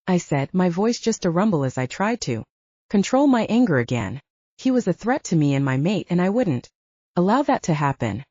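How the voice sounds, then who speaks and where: A woman narrating a romance audiobook in first person, with a steady scripted reading. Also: fairly low pitch, normal speed, no echo. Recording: dry, dull lo-fi sound.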